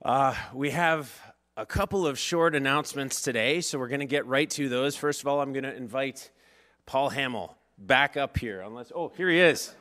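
A man leading a church service, praying earnestly and giving relaxed announcements. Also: medium pitch, moderate pace. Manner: earnest, prayerful, relaxed asides. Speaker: worship leader.

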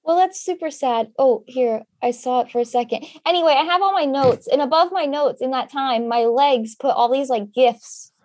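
A woman's voice: high voice, normal speed, hardly any pauses, darkish tone, dry recording, clean studio sound. A sleepy woman co-hosting a casual podcast over a video call, giggling and swearing casually. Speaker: podcast co-host. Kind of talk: casual chat.

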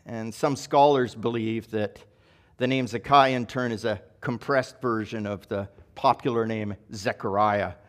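A male pastor giving a sermon in a relaxed, conversational way, now and then correcting himself. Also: on the low side, measured pace. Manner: conversational, self-correcting, occasional chuckle.

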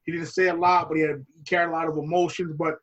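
A man's voice: fairly high pitch, level tone, fast, a bit bright, dull audio. A man hosting an interview, asking reflective, probing questions. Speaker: podcast host. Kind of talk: interview conversation.

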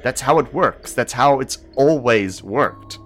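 A man's voice: on the low side, a little fast, soft background music, close to an everyday voice. A man voicing a frightened female seer whose breath is ragged, stammering through panicked pleas.

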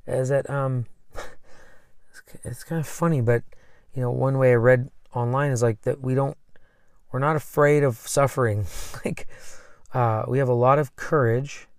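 A man's voice: medium pitch, steady tone, measured pace, pauses often, clean tone, no echo, clean studio sound. A man who coaches, talking casually and earnestly about himself, rambling with many fillers. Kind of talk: casual personal talk.

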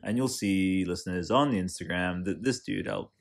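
A man hosting a casual podcast interview, excitable and riffing, swearing freely. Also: deep voice, normal speed, vocal fry. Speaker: podcast host.

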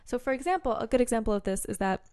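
A woman's voice: fairly high pitch, expressive, rapid-fire, darkish tone, dry recording, clean studio sound. A woman in casual chat who rambles through explanations, correcting herself as she goes.

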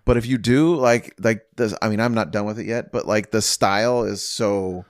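A man's voice: lowish voice, normal speed, dry recording, studio quality. A man co-hosting a podcast in casual chat, rambling with lots of "like" and "um" and casual swearing. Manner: rambling, filler-heavy, profane. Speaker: podcast co-host.

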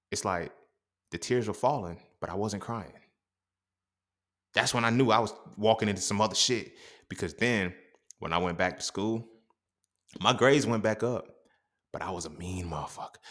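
A young man hosting a podcast, telling a personal story in a profane, animated, slangy monologue. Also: fairly low pitch. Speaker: podcast host.

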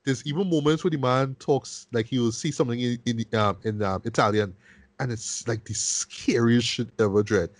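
A man hosting a film review podcast in casual chat, animated and profane, often tagging "right?" and restarting words. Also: mid-range voice, moderate pace, no room sound.

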